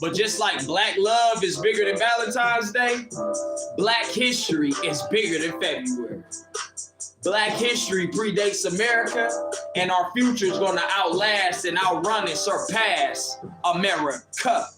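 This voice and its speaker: Man streaming a fiery, profane rant with a high voice, an echoey room and a beat under him. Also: unhurried, over music. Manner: fiery, preachy, profane and confrontational. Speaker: livestream commentator. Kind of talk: impassioned live rant. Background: instrumental beat playing.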